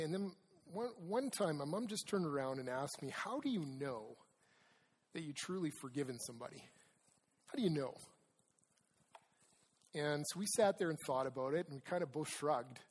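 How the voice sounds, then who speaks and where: A man's voice: fairly high pitch, big-room sound. A man preaching a sermon as pastor. He talks conversationally with personal stories and asides, and reads scripture aloud with emphasis.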